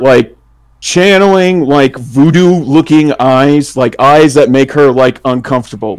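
A man playing in a tabletop role-playing game, talking in a relaxed, rambling way and laughing often. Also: medium pitch. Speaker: player.

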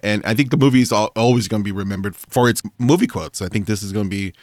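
A man talking movies on a podcast, breaking into laughter as he recalls favorite scenes. His voice sits on the low side, recorded dry and close with no room sound. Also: fast talker, darkish tone, dry recording. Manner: laughs often, quoting movie lines. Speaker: podcast co-host. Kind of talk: casual film chat.

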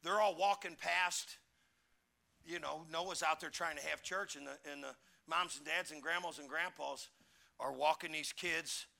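A man preaching a sermon with emphatic call-and-response, now and then breaking into shouts. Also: on the high side, a little slow, creaky. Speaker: pastor.

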